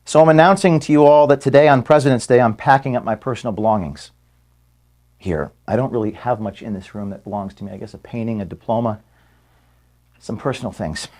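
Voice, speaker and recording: A man's voice: mid-range voice, darkish tone. Emotional man giving a farewell address. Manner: halting, repeats words, apologizes for emotion. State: emotional, close to tears. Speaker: founder addressing his staff. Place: office room at headquarters.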